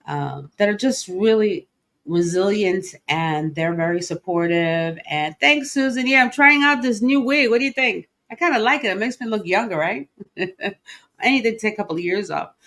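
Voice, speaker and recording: Middle-aged female host, lowish voice, candid and emotional, halting with fillers. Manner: open, emotional, many fillers and restarts. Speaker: podcast host. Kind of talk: personal livestream talk.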